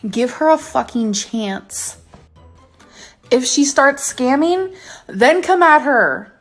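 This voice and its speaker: A woman's voice: high voice, lively intonation, slow, faint music behind. A woman in her thirties ranting angrily to camera in a vlog, swearing and stressing her words. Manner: angry, profane, emphatic rant. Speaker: YouTuber.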